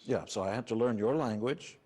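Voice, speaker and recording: A man's voice: on the low side, lively intonation, normal speed, mellow, a little hiss or hum. A middle-aged man with a New York accent, speaking as an interview guest and telling his story in a blunt, matter-of-fact way. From United States. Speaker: interview guest, rock musician. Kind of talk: candid conversational storytelling.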